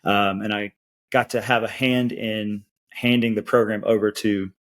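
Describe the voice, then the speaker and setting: A man's voice: on the low side, moderate pace. A man in his forties from Georgia, guest on a podcast, telling stories and acting out what others said. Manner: lively anecdotes with acted quotes. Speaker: podcast guest, band educator. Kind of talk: storytelling interview chat.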